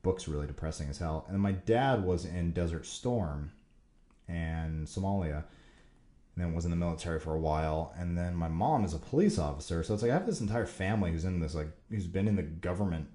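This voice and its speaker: A man with a low, mellow voice hosts a casual question-and-answer show, rambling enthusiastically through viewer questions. His talk is loose and full of fillers. The recording has a roomy echo. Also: fairly quick. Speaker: Q&A show host.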